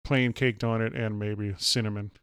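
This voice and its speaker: Teasing podcast guy, smooth clear voice, dry close mic. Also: lowish voice, flat delivery, normal speed, fairly bright tone, dry recording. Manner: teasing, quips and song lines. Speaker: podcast co-host. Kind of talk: casual chat.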